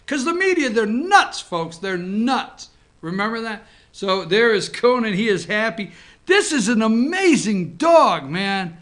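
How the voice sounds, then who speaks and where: A man's voice: high voice, big pitch swings, a little slow, fairly bright tone. A man hosting a casual morning show from an office, joking around and talking to his crew. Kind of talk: casual talk-show commentary.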